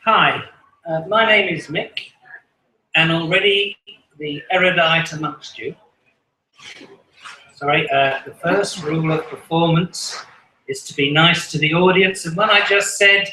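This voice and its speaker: A man's voice: on the high side, normal speed, bright, forceful tone. A man with an English accent doing self-deprecating stand-up comedy at an open mic, chuckling at his own jokes. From England. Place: small live venue. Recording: echoey room.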